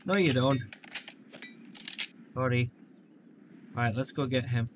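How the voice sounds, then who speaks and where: A man's voice: medium pitch, slow, long pauses, a little hiss or hum. A man hosting a gaming video, joking and playful as he comments on his play. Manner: joking, playful, with silly voices and outbursts.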